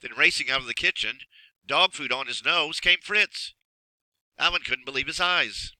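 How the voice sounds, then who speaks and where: A man narrating a children's storybook in an expressive, measured way. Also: medium pitch, no echo, rough recording. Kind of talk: storybook reading.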